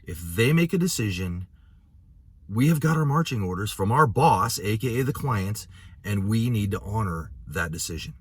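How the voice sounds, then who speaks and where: A man's voice: fairly low pitch, expressive, normal speed, slightly rough, dry recording. A male midwife giving an educational talk, telling a painful story from his work in an earnest, emotional way and often saying "you know". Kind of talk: educational talk with personal stories.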